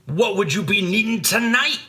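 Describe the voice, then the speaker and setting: A man's voice: high-pitched, expressive, moderate pace, pushed and bright, voice pushed up. A man voicing a burly, boisterous red-haired sailor who bellows in a heavy brogue. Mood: hearty.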